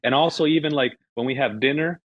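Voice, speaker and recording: A man of Mexican heritage hosting a casual group chat, animated and swearing a lot, playfully indignant. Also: medium pitch, fast talker, no echo, narrow, tinny audio. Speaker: host.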